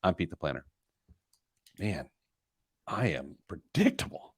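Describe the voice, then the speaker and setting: A man's voice: low-pitched, big pitch swings, a little slow, breathy edge, dry recording, clean studio sound. A middle-aged man hosting a radio show, chatting casually in a rambling, self-deprecating way. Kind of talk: casual chat.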